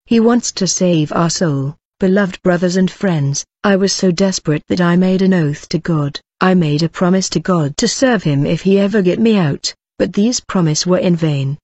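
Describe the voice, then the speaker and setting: A man's voice: sits high, moderate pace, few pauses, darkish tone, dry recording, lo-fi sound. A man earnestly narrating a religious testimony to his listeners in a solemn manner.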